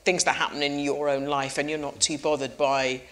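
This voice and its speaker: A woman's voice: low voice, little pitch movement, fairly bright tone. A woman hosting a playful, teasing onstage conversation at a festival. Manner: playful, teasing, quick-witted. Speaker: host interviewer. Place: festival stage before an audience.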